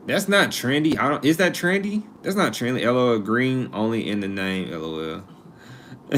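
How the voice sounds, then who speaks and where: A man's voice: mid-range voice, animated, normal speed, a bit bright, slight background noise. A man in his twenties hosting a casual live stream, chatting and joking as he reads comments and looks up college costs. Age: 20s. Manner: chatty, joking, talks to chat readers.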